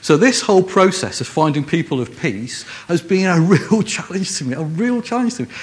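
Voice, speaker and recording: A man with a Scouse accent from Liverpool, preaching in a conversational, joking way, often restarting his phrases. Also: on the high side. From Liverpool, England. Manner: self-deprecating humor, frequent restarts. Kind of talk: conversational sermon.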